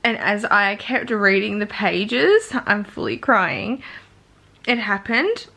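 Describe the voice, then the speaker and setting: A woman's voice: mid-range voice, animated, slow pace, gravelly, sharp tone. A young woman talking casually about a book in a vlog, peppering her speech with "like" and swearing freely. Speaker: book vlogger.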